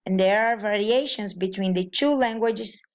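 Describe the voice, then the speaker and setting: A woman's voice: medium pitch, moderate pace. A woman from Brazil with a Brazilian Portuguese accent, explaining pronunciation and grammar as a language teacher, with frequent restarts and fillers.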